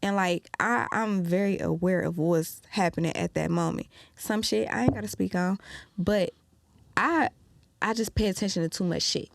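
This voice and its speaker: A woman guest on a podcast, telling a story in a casual, animated way, swearing freely and acting out what people said. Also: medium pitch, normal speed, gravelly. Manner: animated, profane, acts out quoted lines.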